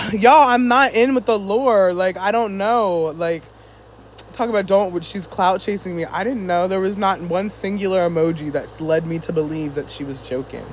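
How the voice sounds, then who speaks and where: High-voiced man chatting on a live stream. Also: normal speed, slight background noise, rough recording. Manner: chatty, laughing, teasing viewers back. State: winded. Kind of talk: casual live-stream chat reading comments.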